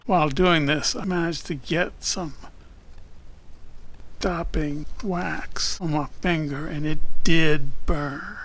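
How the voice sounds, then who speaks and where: Slow, jokey man explaining a craft. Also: a little high, a bit bright. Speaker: opal cutter and channel host. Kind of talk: casual instructional vlog.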